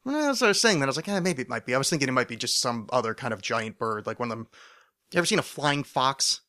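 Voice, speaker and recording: A man talks alone into a podcast mic in a bright, forceful voice at an ordinary pitch. He rambles loosely, swears casually and keeps poking fun at himself. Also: big pitch swings, fast talker. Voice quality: rambling, profane, self-deprecating. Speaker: podcast host. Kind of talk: casual solo podcast monologue.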